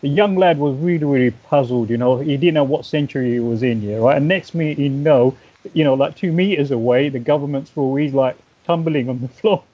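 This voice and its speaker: Man, husky mellow voice, measured and relaxed, casual live-stream chat, dull audio. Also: mid-range voice.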